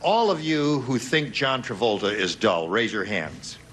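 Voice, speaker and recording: A man's voice: mid-range voice, unhurried, background noise. A man hosting a game show, joking with panelists and reading question prompts aloud.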